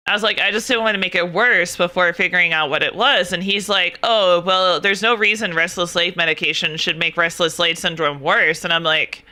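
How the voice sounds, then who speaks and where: Bright, crisp young woman streamer. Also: lowish voice. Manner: animated, swearing, exasperated ranting. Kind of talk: casual chat.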